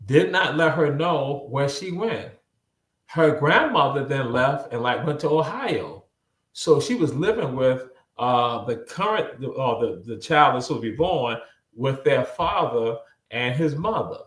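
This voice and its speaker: A man's voice: mid-range voice, a little slow. A man speaks as a guest over a video call, recounting his story with lots of energy. He loops back on his words and slips into voices for the people he quotes. His voice sits in the middle range, and the room audio has a noticeable echo. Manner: animated, repeats words, acts out quoted voices. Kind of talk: casual storytelling interview.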